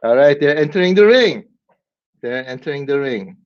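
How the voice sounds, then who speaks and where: A man's voice: fairly high pitch, lively intonation, normal speed. Livestream host, male, rambling and laughing, lo-fi dull audio. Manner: rambling, laughs often, hype announcer bursts. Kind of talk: casual livestream chat.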